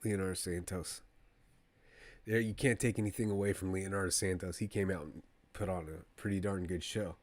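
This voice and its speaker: A man giving casual live play-by-play of a fight to his stream viewers, rambling and excitable like a fan, talking to the chat between calls. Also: sits low, fairly quick, dry recording.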